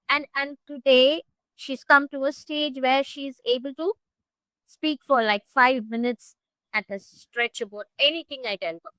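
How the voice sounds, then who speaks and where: A woman English tutor giving a one-on-one online lesson over a video call, talking expressively and demonstrating word stress and pauses. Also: a little high, fairly bright tone, clean tone, no room sound, low-quality recording.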